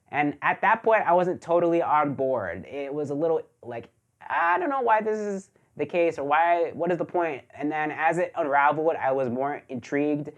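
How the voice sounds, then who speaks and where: A man talking casually in a video movie review, chatty and joking, with plenty of fillers, just back from being sick. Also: a little high. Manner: chatty, jokey, lots of fillers like "like". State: recovering from illness.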